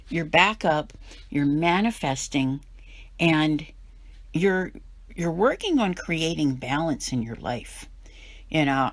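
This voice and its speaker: A woman's voice: sits low, no room sound. Woman tarot reader, emphatic and chatty, dry close sound. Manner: emphatic, conversational, acts out worried inner voices. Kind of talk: weekly tarot reading.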